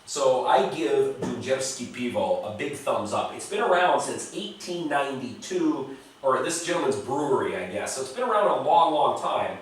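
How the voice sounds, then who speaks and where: A man's voice: mid-range voice, lively intonation, normal speed, recorded from a distance. An American man reviewing beers in a casual vlog, blunt and profane, talking straight to the viewer, in a home recording. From United States. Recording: very echoey room, voice a bit off-mic.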